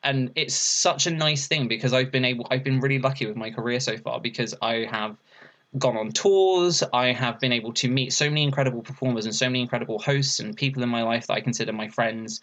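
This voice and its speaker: Guesting on a podcast, a young man who performs burlesque tells a story conversationally, often laughing and quoting people in a higher voice. He speaks quickly with a fairly bright tone.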